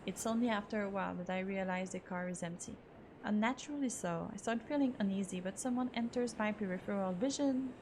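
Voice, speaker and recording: A woman streamer narrating a visual novel in first person, expressive with occasional asides. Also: medium pitch, brisk, slight background noise. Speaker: let's play streamer.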